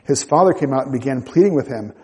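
A man with a mellow, dark-toned voice reads Bible passages and then unpacks them in a measured, reflective manner, sometimes restarting a phrase mid-thought. His voice carries a long reverb, as if in a large, echoing room. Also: medium pitch, expressive. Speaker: Bible teacher. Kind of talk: reading and explaining scripture.

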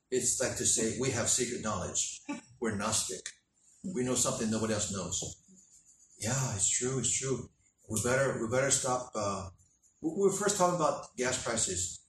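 A man's voice: medium pitch, animated, normal speed, far from the mic, slight background noise. A man preaching, telling a folksy story full of quoted back-and-forth. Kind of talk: sermon storytelling. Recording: echoey room, from the mic.

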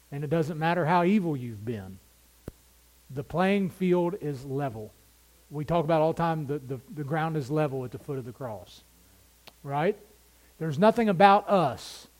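High-voiced pastor preaching. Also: male voice, darkish tone. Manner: teaching, asks the congregation questions. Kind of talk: sermon.

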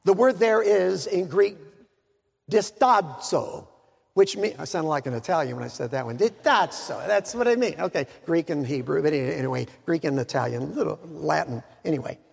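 A man preaching a sermon, dramatic, slowing down to stress key words, with joking asides. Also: fairly high pitch, lively intonation, gravelly, slightly rough. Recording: long hall reverb.

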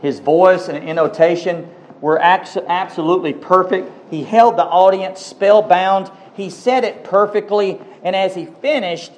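A man preaching in a slightly higher than usual voice, moving between quiet storytelling and rising, emphatic appeals to his congregation. A faint hiss sits under the recording. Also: measured pace. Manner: emphatic, swings from hushed storytelling to rising exhortation. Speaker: pastor. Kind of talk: sermon.

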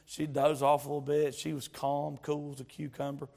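High-voiced preacher. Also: male voice, monotone, normal speed, vocal fry. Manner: swings from quiet storytelling to loud exhortation. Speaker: pastor. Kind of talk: sermon.

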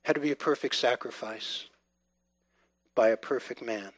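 A man preaching a sermon with emphatic repetition, dropping quiet and then rising loud. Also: medium pitch, moderate pace, dry recording. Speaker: pastor.

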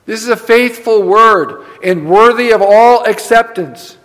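Guy preaching slow and punchy, kinda high voice, big echoey church hall. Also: a bit bright. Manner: emphatic preaching, repeats words for emphasis. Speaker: pastor. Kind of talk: sermon. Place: church sanctuary.

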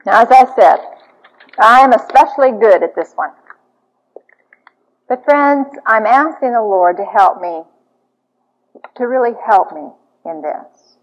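A woman's voice: fairly high pitch, expressive, measured pace, long pauses. A woman speaking to an audience about marriage in an earnest, confessional storytelling manner. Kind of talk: teaching talk to an audience. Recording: dull lo-fi recording.

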